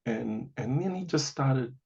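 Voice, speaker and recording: Here a husky, gravelly-voiced Kiwi in his forties recounts his own experiences during a podcast conversation, pitched mid-range at a measured pace. Lively throughout, he performs the voices of people he quotes and keeps slipping in casual "you know"s. Sound quality is a bit muffled and lo-fi.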